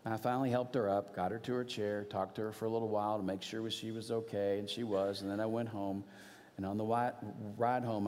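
A man's voice: lowish voice, a little fast. Earnest man preaching in a reverberant church. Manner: earnest storytelling, swings from animated to hushed. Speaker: pastor. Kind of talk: sermon. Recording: long hall reverb.

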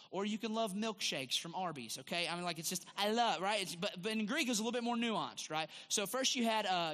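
A man preaching a sermon to his church, teaching with emphatic, drawn-out stress on key words. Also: fairly high pitch, bright, forceful tone. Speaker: pastor. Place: church sanctuary. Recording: long hall reverb.

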